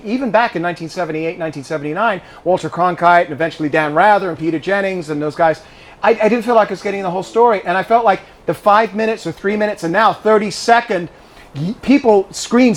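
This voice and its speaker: A man's voice: sits high, a little hiss or hum. A man in his fifties answering audience questions in a conversational way, often repeating words as he starts a sentence. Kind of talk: speech with audience Q&A. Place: living room of a private home with an audience.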